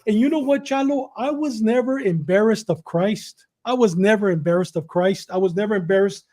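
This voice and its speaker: Animated, high-voiced man telling prison stories. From Southern California. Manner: quick, repetitive retelling with acted quotes. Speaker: podcast guest telling his story. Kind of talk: animated storytelling.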